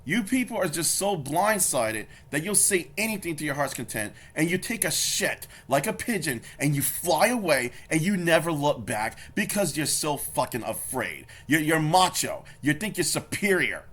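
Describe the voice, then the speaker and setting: A man's voice: on the high side, big pitch swings, moderate pace, hardly any pauses, a bit bright. Heated man ranting on a reaction video. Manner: heated, confrontational, swearing, repeats himself. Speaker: YouTube commentator. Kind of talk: angry reaction commentary.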